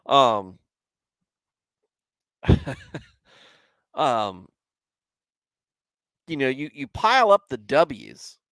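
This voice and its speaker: A man's voice: mid-range voice, a bit bright, smooth, dry recording. A man hosting a casual livestream Bible commentary, rambling with many restarts and stopping to chat with viewers. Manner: chats with live viewers. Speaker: host.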